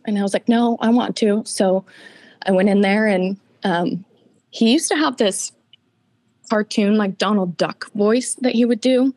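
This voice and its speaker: A woman's voice: mid-range voice, a little slow, darkish tone, no room sound. A woman guest giving a candid, emotional personal account in an interview, tearful at times.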